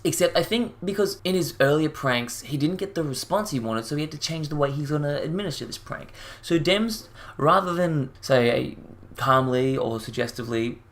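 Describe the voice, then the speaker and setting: A man's voice: a little high, lively intonation, normal speed, fairly bright tone. A man giving casual commentary as a YouTuber, sarcastic, indignant and full of swearing.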